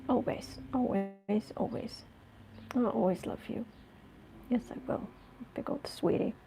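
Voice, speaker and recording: A woman voicing her affectionate pet cat as it begs for love, in a soft, half-whispered voice. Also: fairly high pitch, measured pace, gravelly, breathy edge, soft background music, heavily acted. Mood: doting.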